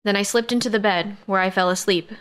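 A woman's voice: medium pitch, steady tone, fast talker, a bit bright. Woman reading a first-person audiobook. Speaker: audiobook narrator.

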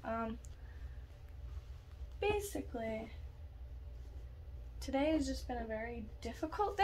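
High-voiced young woman ranting in a vlog. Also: lively intonation, a little slow, long pauses, a bit bright. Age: young adult. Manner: scatterbrained, ranting, swears casually. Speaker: vlogger. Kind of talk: casual vlog chat. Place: college dorm room.

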